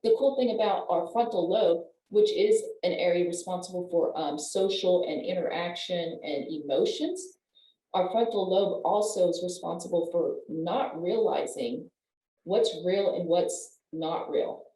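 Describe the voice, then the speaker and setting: An older woman, a wellness professional and guest, explaining things in an animated way and laughing as she talks. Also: lowish voice, a little slow. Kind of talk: conversational explaining. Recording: roomy, distant from the mic.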